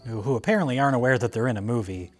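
A man's voice: mid-range voice, very fast. Sardonic man reviewing films. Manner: dry, sardonic critique. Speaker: film reviewer, co-host. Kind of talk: casual chat.

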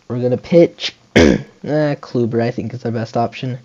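A young man talks through his baseball video game at an unhurried pace, muttering the plays to himself. His voice is warm and mellow, and the recording sounds dull and lo-fi, like a basic home mic. He jumps into loud excited whoops when something big happens. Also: medium pitch. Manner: muttering play-by-play with sudden excited shouts. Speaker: gaming channel host. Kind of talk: casual gameplay commentary.

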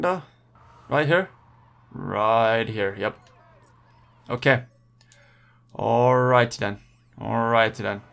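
An excitable young man talking through his gameplay live as it unfolds. He pleads with rivals, groans at setbacks and cheers his riders on in a casual, unscripted way. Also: medium pitch, creaky. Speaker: gaming channel host.

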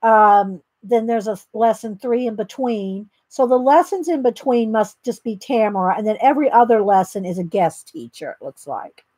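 A woman with a slightly high voice chats her way through a book for her channel. She thinks aloud and teases lightly. The sound is close and dry, with no room around it. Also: expressive, normal speed, few pauses, a little mellow, slightly rough, no echo. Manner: chatty, thinking aloud, teasing. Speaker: vlogger. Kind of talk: casual chat showing a book.

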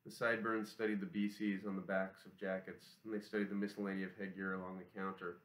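Steady male audiobook narrator, monotone delivery, echoey room. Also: deep voice, fast. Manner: steady, even reading.

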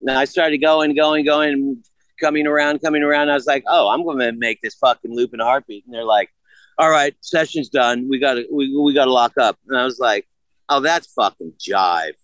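A man's voice: medium pitch, fairly quick, dry recording, rough recording. A man in his sixties, a podcast guest, telling a story casually and animatedly, full of swearing and quoted back-and-forth. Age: 60s. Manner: profane, animated retelling of a story with quoted dialogue.

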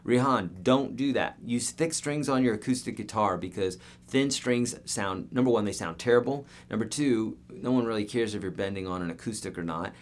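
A man's voice: lowish voice, moderate pace, hardly any pauses. A middle-aged man, a guitar teacher on a live stream, answering viewer questions in an upbeat, chatty way and speaking to people by name.

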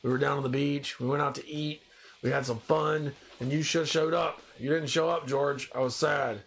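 A man's voice: a little high, steady tone, normal speed, gravelly, fairly bright tone, slightly rough. Stuffy-nosed man chatting on a live stream. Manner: loose, joking, rambling, reads out viewer comments. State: stuffy nose. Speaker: live-stream host in demon costume. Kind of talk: casual live-stream chat with viewers.

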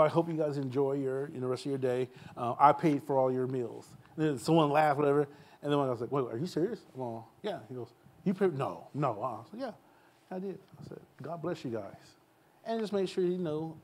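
A male pastor telling a personal story in an informal church Q&A, acting out the voices of the people in it and laughing at his own jokes. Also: on the high side.

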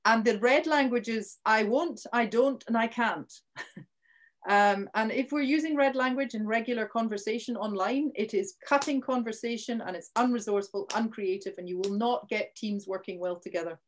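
A woman's voice: on the high side, normal speed, slight background noise. A Scottish woman leads a live online training session over a video call. She talks in a chatty way, restarts her sentences often and punches out the words she wants to stress. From Scotland. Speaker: workshop presenter.

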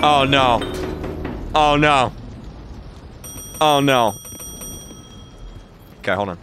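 A man's voice: mid-range voice, very slow, pauses often, fairly bright tone, faint music behind. A young man streaming a game live, joking around and laughing at his own pranks. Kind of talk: live-streamed gameplay chat.

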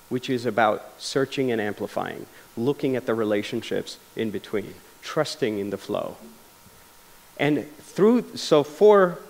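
Earnest man giving a lecture. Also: mid-range voice. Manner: earnest storytelling with frequent restarts and fillers. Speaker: lecture speaker. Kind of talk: public lecture. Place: lecture hall.

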